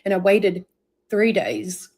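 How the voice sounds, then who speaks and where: A woman's voice: medium pitch, very animated, takes it slowly, a little mellow. A woman telling a personal story earnestly, acting out what people said. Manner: earnest, tearful storytelling with acted-out quotes. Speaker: guest telling her story. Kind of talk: emotional personal testimony.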